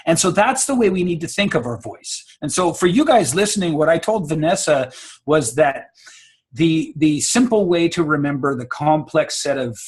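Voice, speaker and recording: Husky higher-voiced American man explaining. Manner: expressive, laughs often, teacherly. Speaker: guest speaking coach. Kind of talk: conversational interview, explaining.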